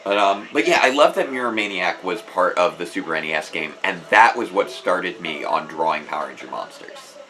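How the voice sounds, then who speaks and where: Guy hosting a stream, low voice but bright, bounces around a lot, faint hiss behind. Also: lively intonation, fairly quick, few pauses, poor audio. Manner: chatty, enthusiastic, with many restarts and laughs. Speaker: host. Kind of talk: casual live-stream commentary.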